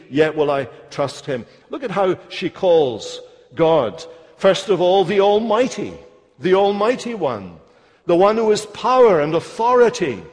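A man preaching a sermon, slow and emphatic, stressing key phrases. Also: sits high, a little mellow. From Scotland. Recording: long hall reverb.

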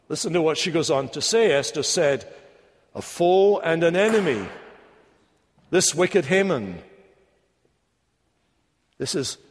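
A man preaching a sermon, emphatic and deliberate, with rhetorical questions. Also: fairly high pitch. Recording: long echo of a large hall.

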